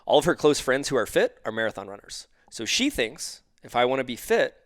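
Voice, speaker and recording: A man's voice: medium pitch, sing-song, a little fast, dry recording, studio quality. A man on a podcast as a guest life coach. He explains ideas through examples and acts out the lines of the people he quotes. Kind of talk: conversational podcast interview.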